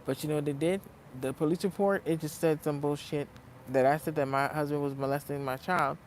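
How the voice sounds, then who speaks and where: A woman's voice: low-pitched, steady tone, a little fast, rough recording. Woman, vlogger, casual rant, profane, blunt, muttered then heated, faint street noise. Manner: swings from muttered asides to loud heated outbursts. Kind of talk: casual unscripted vlog rant.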